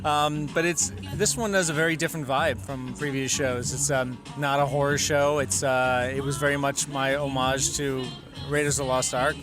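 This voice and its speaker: A man, the creator of a theater show, talking in a relaxed way as a podcast guest. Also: mid-range voice, normal speed, hardly any pauses, over music. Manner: relaxed, laughs easily. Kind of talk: casual podcast interview.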